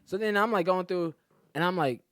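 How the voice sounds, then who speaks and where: With a high, clean-toned voice and brisk pace, a male comedian on a podcast tells a story in casual conversation. The recording is dry and studio-clean, and he's animated, imitating what people said and laughing a lot.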